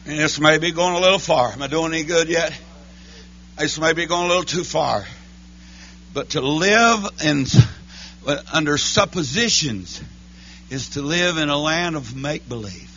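A man preaching a holiness church sermon, chanting his lines between breathy "uh, amen" beats. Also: fairly high pitch, normal speed, pauses often, sharp tone, highs cut off, slight background noise. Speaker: pastor. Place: church sanctuary.

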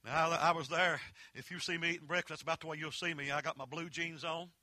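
A man preaching a fervent holiness sermon, mixing folksy storytelling with loud emphatic peaks. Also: a little high, fairly even intonation, fast, dry recording.

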